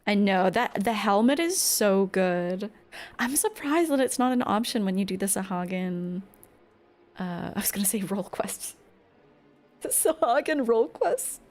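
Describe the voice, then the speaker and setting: A woman's voice: medium pitch, animated, unhurried, darkish tone. Young woman streamer, casual commentary, chatty and exclamatory, faint game music under. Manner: chatty, exclamatory, laughs often. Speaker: gaming streamer.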